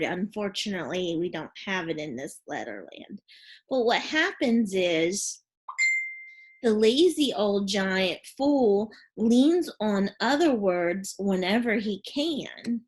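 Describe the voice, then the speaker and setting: Teacher voice: woman, very slow and lively, spells out sounds for kids. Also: mid-range voice. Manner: slow, clear, sounding out letters and prompting questions. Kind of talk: phonics lesson for young children.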